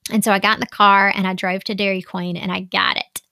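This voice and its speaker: A woman's voice: medium pitch, little pitch movement, a little fast, sharp tone, dry recording. Woman, life coach, casual advice talk, chatty with lots of fillers, close dry sound.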